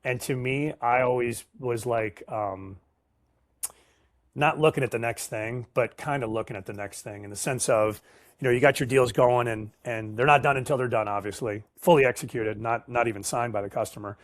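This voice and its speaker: A middle-aged man, a sales professional appearing as a guest, tells stories in a casual storytelling interview, animatedly acting out the dialogue and using casual slang. His mid-range voice comes at a moderate pace in a clean, echo-free studio recording.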